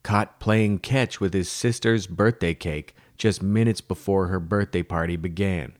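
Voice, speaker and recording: Deep-voiced man telling a rambling joke. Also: steady tone, unhurried, no echo, clean studio sound. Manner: rambling, self-correcting joke teller. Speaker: audiobook narrator. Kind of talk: humorous scripted narration for children.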